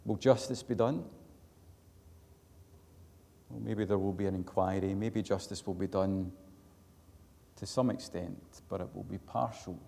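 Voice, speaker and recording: A Scottish preacher delivers a sermon in a low, dark, gravelly voice. He swells to emphatic loud peaks and drops back quiet. The sound carries a long reverb from a hall. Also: steady tone, measured pace, pauses often. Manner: earnest storytelling, rising to loud emphatic peaks, then dropping quiet.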